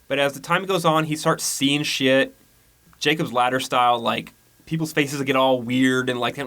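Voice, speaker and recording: A man's voice: medium pitch, fairly bright tone. Podcast co-host, man, loose rambling recap, slips into character voices. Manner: rambling storyteller, acts out characters' lines. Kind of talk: casual movie recap chat.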